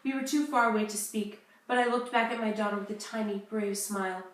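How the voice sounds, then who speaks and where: A woman's voice: medium pitch, fairly even intonation, natural voice. Young woman playing a grieving mother in an echoey room. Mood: solemn. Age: young adult. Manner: solemn, measured storytelling. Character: grieving mother, wartime deportation survivor. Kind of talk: school-project talk-show role-play. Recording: echoey room, distant mic.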